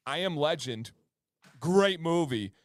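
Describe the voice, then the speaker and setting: A man's voice: a little high, expressive, slow, no room sound, studio quality. A man co-hosting a livestream in a casual, enthusiastic chat, laughing often. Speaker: livestream co-host.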